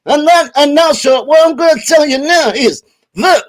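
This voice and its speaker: A man doing an impression of a grumpy old English rag-and-bone man, with a loud, drawn-out, shouty delivery. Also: very high-pitched, pitched above the performer's own voice. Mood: indignant.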